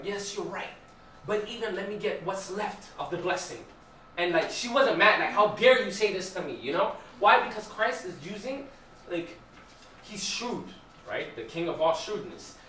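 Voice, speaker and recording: This young man's fairly high, fairly bright voice comes through a far-off microphone in a reverberant church hall, with a little hiss or hum. He's a church teacher giving a relaxed Bible study talk, conversational and quizzing the room.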